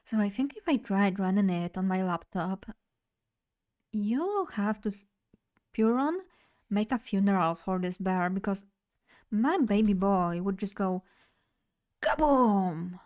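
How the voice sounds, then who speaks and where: On a live stream, a young woman loosely and playfully addresses her chat in casual conversation. Her voice is expressive, a little slow and a little mellow, pitched in the middle range for a woman.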